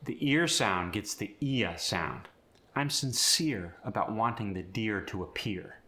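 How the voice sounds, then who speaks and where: In an accent lesson, a man goes through the sound changes one after another, then reads a sample sentence. He has a lowish, sharp-toned voice and an unhurried pace.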